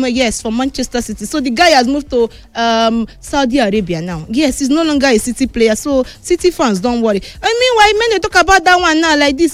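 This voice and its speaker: A woman with a Nigerian accent hosting a radio sports show, chatting lively in pidgin and reading the sports news. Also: high voice, no echo. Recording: radio broadcast with faint music bed.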